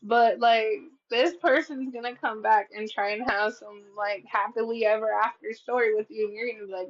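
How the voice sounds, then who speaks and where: A woman's voice: a little high, steady tone, normal speed, hardly any pauses. A woman doing a casual tarot reading, blunt and profane, acting out what people say and laughing at her own readings. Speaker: tarot reader. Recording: slightly dull lo-fi sound.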